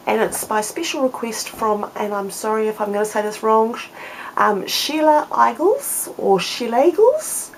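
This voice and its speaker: A woman's voice: medium pitch, a little hiss or hum, poor audio. A woman hosting a casual papercraft tutorial, explaining each step in a chatty way with fillers.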